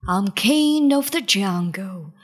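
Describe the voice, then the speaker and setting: A woman's voice: medium pitch, lively intonation, takes it slowly. A woman voicing a big, boastful, hungry male lion who roars his threats in a storybook reading. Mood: roaring. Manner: roaring, loud and menacing.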